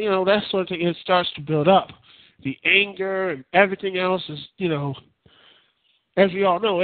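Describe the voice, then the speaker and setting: A man with a slightly high voice hosts his own podcast of casual solo wrestling commentary. He rambles and gives opinions, repeatedly circling back to his points. The recording is dry and tinny, like a phone line.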